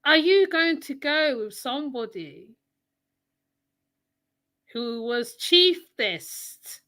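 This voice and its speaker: A West Indian woman hosting her channel, delivering scolding reaction commentary. Her voice sits high and sounds bright and sharp. She talks slowly and repeats each jab for emphasis. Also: animated. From West Indies. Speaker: channel host.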